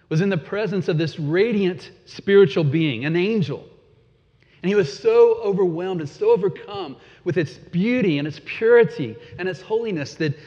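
A man preaching a sermon, dramatic, swinging from loud emphasis to a hush. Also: high-pitched. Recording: dull, long hall reverb.

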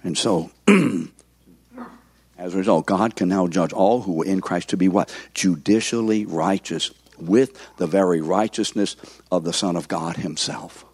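A man's voice: sits low, measured pace, a little mellow, husky, no echo. A man in his seventies, a pastor giving an interactive sermon who keeps asking the congregation questions.

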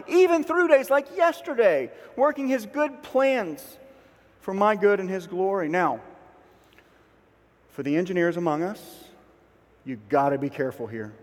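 A man preaching a sermon, acting out both sides of an inner dialogue with lively swings between loud and hushed delivery. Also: high-pitched, unhurried, long reverb tail. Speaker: pastor.

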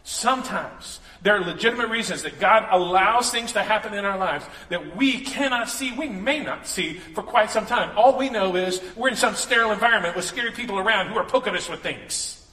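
Bright, high-pitched preacher in an echoing hall. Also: male voice, fairly quick. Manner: conversational, joking preacher who acts out quoted voices. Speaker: pastor. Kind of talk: sermon. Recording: echoey hall, long reverb.

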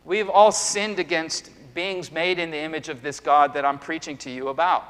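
A man's voice: fairly high pitch, steady tone, moderate pace, fairly bright tone, clean tone. A middle-aged male pastor preaching an earnest sermon, full of emphatic rhetorical questions. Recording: long hall reverb.

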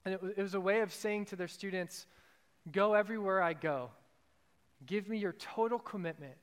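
A man with a high, smooth, resonant voice delivers an earnest sermon, repeating key lines for emphasis. His words ring out with a long reverb trailing behind them. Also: fairly quick. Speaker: pastor.

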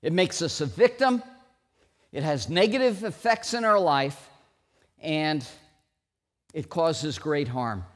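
Middle-aged guy preaching a sermon, slow, lively ups and downs, big echoey church. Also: a little high. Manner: slow, emphatic preaching with sudden loud rises. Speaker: pastor. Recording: long hall reverb.

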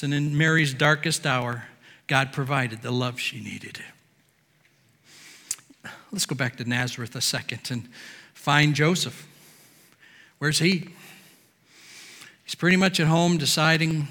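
Male pastor, sermon, bright forceful voice, slightly high, emphatic, long echoing hall reverb. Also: unhurried, pauses often. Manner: emphatic, rising to near-shouts and dropping low. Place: church sanctuary.

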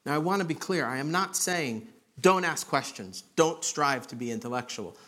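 Guy preaching a sermon, earnest and chatty, kinda higher voice, goes quiet to make a point. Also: expressive, normal speed. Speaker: pastor. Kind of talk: expository sermon.

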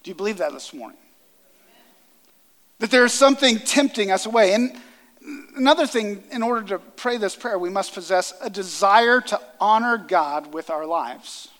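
A man in his thirties preaching a sermon, earnest, rising loud on key lines and dropping soft. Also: sits high, animated, moderate pace. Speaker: pastor. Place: church sanctuary. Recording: long hall reverb.

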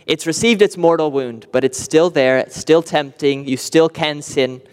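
A man's voice: a little high, normal speed, smooth. Earnest man preaching in a reverberant hall. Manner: earnest preaching with vivid imagery and rhetorical repetition. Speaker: pastor. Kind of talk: sermon.

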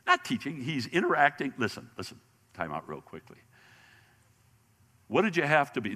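Male Bible teacher, lively and bright-voiced, restarts and repeats words, long hall reverb. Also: mid-range voice. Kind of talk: sermon-style Bible lesson.

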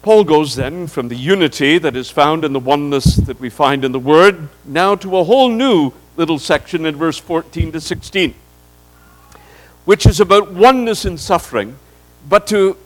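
Animated male preacher, high lively voice. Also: moderate pace, rough recording. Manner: animated, rising and falling emphasis, addresses congregation directly. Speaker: pastor. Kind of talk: sermon. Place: church.

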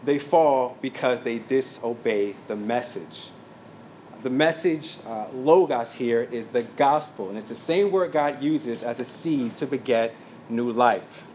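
A man delivering a verse-by-verse sermon, pausing on fillers and stepping into brief asides as he works through his notes. His voice sits at an ordinary middle pitch, with a faint hiss of room noise underneath. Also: a little mellow. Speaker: pastor.

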